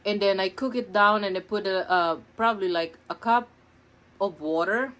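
A woman's voice: medium pitch, normal speed, fairly bright tone. A middle-aged woman eating on camera at home, murmuring between bites and gushing about her food. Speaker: food vlogger. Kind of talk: mukbang eating vlog. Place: home kitchen.

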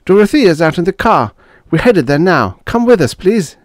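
Urgent young space officer, lifted pitch, clipped delivery, read by a man. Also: very animated, normal speed, a little mellow, no echo, studio quality.

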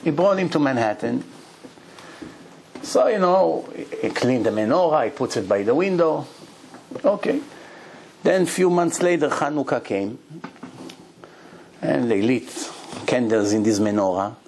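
A man's voice: mid-range voice, unhurried, pauses often, a little hiss or hum. A middle-aged man, a rabbi, telling stories in a sermon and acting out the voices of the people in them. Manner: animated storyteller acting out quoted voices. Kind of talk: storytelling sermon.

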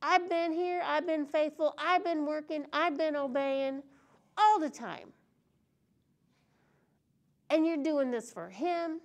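A woman's voice: high voice, slow pace, long pauses, pitched above the performer's own voice. A woman voicing a bitter, self-righteous older brother, complaining indignantly to his father in a sermon retelling.

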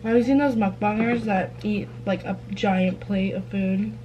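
A woman's voice: medium pitch, fairly even intonation, a little slow, mellow, lo-fi sound, slight background noise. A young woman vlogger chatting casually while eating, giggly and often talking with her mouth full.

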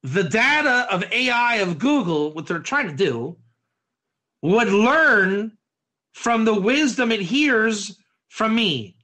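A man's voice: high voice, big pitch swings, slow pace, pushed and bright. A man teaching a Torah class as a rabbi. He explains with modern analogies, keeps quizzing his listeners, and repeats and restarts phrases as he goes. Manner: quizzes the audience with frequent questions.

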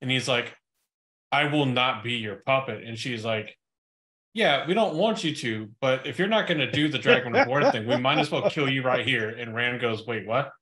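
A man's voice: medium pitch, moderate pace, pushed and bright. A man co-hosting a casual fan podcast, making wry points and laughing as he talks. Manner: wry, laughs while talking. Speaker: podcast co-host.

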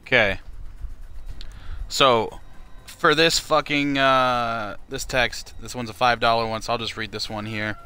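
A man from Canada who rambles through a casual livestream, swearing and cracking jokes. His voice is bright and smooth at a mid pitch, and he keeps the chatter loose and offhand. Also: steady tone, measured pace. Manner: crude, joking, rambling. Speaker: livestream fundraiser host.

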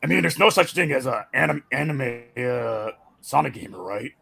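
Gravelly, husky man mumbling. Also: medium pitch, expressive, normal speed, pushed and bright, no echo. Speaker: co-streamer. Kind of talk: casual gaming chat.

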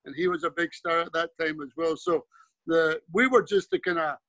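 Bright high-voiced older Scottish man. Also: normal speed, dry recording, poor audio. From Scotland. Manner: rambling anecdotes with frequent restarts and "you know". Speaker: guest, former pro player and coach. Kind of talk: casual storytelling interview.

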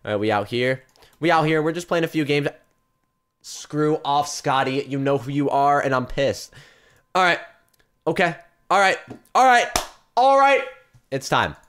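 A young man giving live commentary on his game stream, chatting straight to his viewers and breaking into loud yelps and shouts. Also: medium pitch, lively intonation, normal speed, pauses often. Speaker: gaming streamer.

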